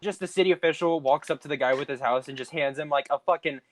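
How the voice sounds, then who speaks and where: A man's voice: a little high, quick pace, crowd noise. A young man co-hosting a casual podcast over voice chat. He cracks jokes and swears. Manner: wisecracking, swearing asides. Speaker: podcast co-host.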